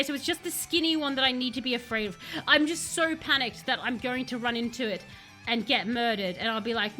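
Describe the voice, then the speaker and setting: A woman plays a horror game live at her home computer, chatting jumpily with her viewers. Her voice sits high, bright and forceful.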